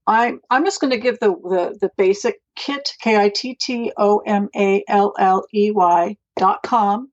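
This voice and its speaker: Speaking slowly with a steady tone, this middle-aged woman is a podcast guest and mental health advocate who rambles warmly through her stories, laughing as she goes. Her pitch is medium. It's a casual interview chat captured on dull audio without any room sound.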